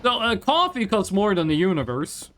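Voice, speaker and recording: A man's voice: sits high, big pitch swings, normal speed, fairly bright tone, a little hiss or hum. A man in his twenties chatting casually and profanely with his chat while streaming a game. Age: 20s. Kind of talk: casual live game commentary.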